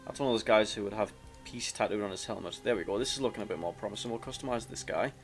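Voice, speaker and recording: Male let's-play commentator, low voice, casual and self-deprecating, faint music bed. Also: fast. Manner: rambling and self-mocking, with fillers and restarts. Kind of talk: casual gameplay commentary, reading game text aloud.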